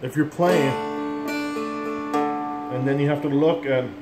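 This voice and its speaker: Speaking slowly in a mid-range voice with fairly even intonation, a middle-aged instrument teacher leads a laid-back music lesson. His explanations are blunt and rambling, and he admits he's being an ass. The space echoes, and an instrument is playing.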